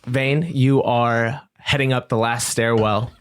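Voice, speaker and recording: A man narrating as game master of a tabletop game, relaxed and easygoing. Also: medium pitch, takes it slowly, background noise. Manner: relaxed, laughs between narration.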